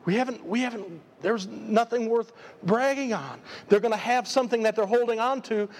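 A man's voice: high voice, normal speed, darkish tone. A man preaching a live sermon as pastor, emphatic and full of repeated rhetorical questions. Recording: long reverb of a large hall.

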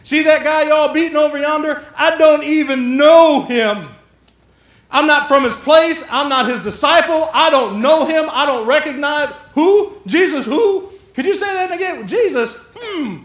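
A preacher playing a flustered, evasive disciple. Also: male voice, very high voice, wildly swooping pitch, slow pace, roomy sound, pitched above the performer's own voice, full character voice. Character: flustered male disciple denying a friend.

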